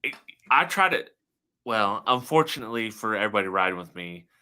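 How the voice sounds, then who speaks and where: A man co-hosting a casual podcast chat, relaxed and hesitant, with lots of fillers. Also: on the low side, a little fast, smooth. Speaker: podcast co-host.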